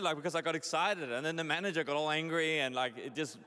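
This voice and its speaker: A man in his forties, a pastor from Denmark, preaching and praying in a casual, excitable way with lots of fillers and restarts. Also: a little high, fast talker, clean tone. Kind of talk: sermon with prayer and storytelling. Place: church hall. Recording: echoey hall.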